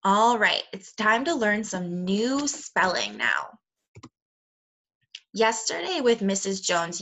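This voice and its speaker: Bright-voiced woman teaching phonics. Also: medium pitch. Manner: slow, clear, encouraging teacher talk to young children. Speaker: second grade teacher. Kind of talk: recorded remote phonics lesson.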